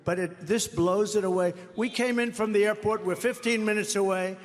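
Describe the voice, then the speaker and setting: An older American man delivers a boastful, mocking campaign rally speech into a podium microphone, often repeating his phrases. His voice is high-pitched and steady at a moderate pace. The large indoor venue gives the recording a reverberant arena sound with faint crowd ambience.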